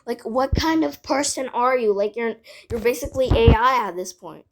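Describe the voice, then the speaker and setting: A woman's voice: a little high, moderate pace. A female voice telling a casual storytime vlog, rambling with lots of "like" and side remarks. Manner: rambling, filled with "like", frequent asides.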